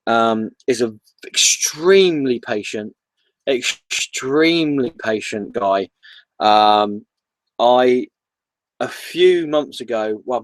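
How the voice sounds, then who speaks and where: A man talks casually about comics in a low, easy voice. He rambles and repeats himself with eager enthusiasm, recorded close and dry with no room sound. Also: dry recording, low-quality recording. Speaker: comic book vlogger. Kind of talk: casual vlog chat.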